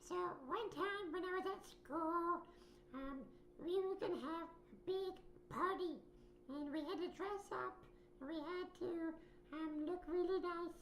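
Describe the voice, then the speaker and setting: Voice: very high voice, a little slow, fairly bright tone, slight background noise, full character voice. A performer voicing an earnest, chatty young boy puppet who rambles through stories with ums and sound effects. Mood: storytelling. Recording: roomy echo.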